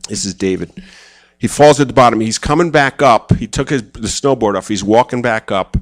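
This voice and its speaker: A man speaking at a church gathering in a relaxed, conversational sermon style, telling personal stories with self-deprecating humor. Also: medium pitch, moderate pace. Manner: casual, self-deprecating, acts out quoted voices.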